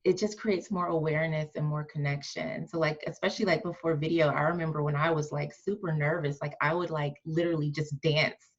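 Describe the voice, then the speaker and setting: A woman's voice: low-pitched, steady tone, brisk, hardly any pauses, dull audio. Earnest, encouraging woman guest. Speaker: podcast guest. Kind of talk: casual conversational interview.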